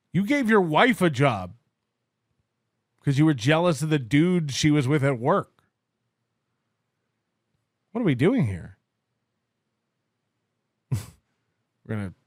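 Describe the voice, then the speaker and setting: A man's voice: on the high side, no echo, studio quality. Sarcastic man on a podcast. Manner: sarcastic and mocking, often laughing. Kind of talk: casual podcast commentary.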